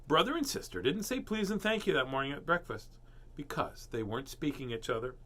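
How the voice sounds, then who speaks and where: Lively bright-voiced man reading aloud. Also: on the high side, fairly quick, slight background noise. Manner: playful, jokey asides and puns. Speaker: storybook reader. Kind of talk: reading a children's book aloud with asides.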